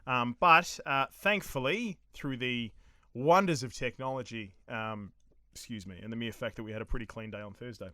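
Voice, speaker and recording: A man's voice: medium pitch, moderate pace, pushed and bright, dry recording, clean studio sound. An Australian man hosting a gaming podcast, bantering and swearing freely in casual chat. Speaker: podcast host.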